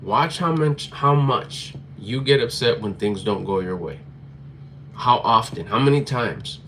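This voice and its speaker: A man's voice: mid-range voice, animated, unhurried, a bit bright, slight background noise. A man giving a motivational talk to camera in a blunt, emphatic way, swearing freely and hammering his points through repetition. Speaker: motivational vlogger.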